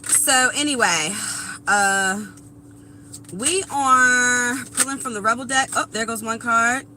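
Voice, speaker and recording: In her thirties, a woman gives a casual live tarot reading, speaking bluntly and with profanity directly to her viewers. Her voice is a little high, slow-paced and sharp in tone. The audio is poor, with a bit of hiss or hum.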